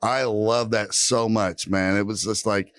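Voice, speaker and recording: A man's voice: lowish voice, fairly even intonation, measured pace, fairly bright tone, dry recording. A middle-aged man hosting a podcast, telling stories casually with lots of swearing. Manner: storytelling, profane, laughing. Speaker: podcast host.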